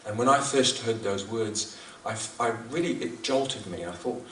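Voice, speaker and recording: A man's voice: fairly low pitch, normal speed, few pauses, a bit bright. A man giving a reflective spiritual talk at a devotional gathering, speaking earnestly and thoughtfully with frequent restarts and repeated phrases. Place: large hall at a celebration. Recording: echoey hall, voice from far off, faint noise.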